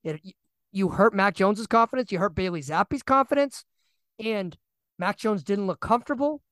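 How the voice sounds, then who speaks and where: A young man co-hosting a casual sports podcast, animated and ranting, often repeating himself. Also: high-pitched, moderate pace, no echo. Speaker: podcast co-host.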